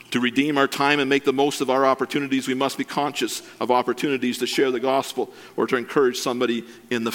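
A male pastor delivering a sermon in an earnest, measured tone. His voice sits in an ordinary middle pitch. Now and then he drops into a wry, self-deprecating aside before returning to the message. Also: fairly bright tone.

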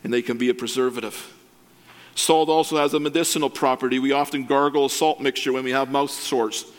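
Earnest male preacher, measured delivery. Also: mid-range voice, fairly even intonation. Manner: earnest, measured preaching with occasional self-deprecating asides. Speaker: pastor. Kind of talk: sermon.

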